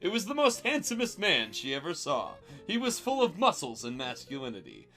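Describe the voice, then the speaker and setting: A man streaming a comedic reading of fanfiction, delivering it with amused deadpan. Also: on the high side, brisk, soft background music.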